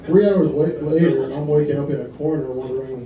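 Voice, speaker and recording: A man's voice: a little high, takes it slowly, long pauses. A young male comedian from Wisconsin working through a profane stand-up set. He is heard from a little way off in an echoey club room, with the crowd laughing around him. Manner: crude, profane storytelling with audience laughter. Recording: roomy club sound from a distance, crowd laughter.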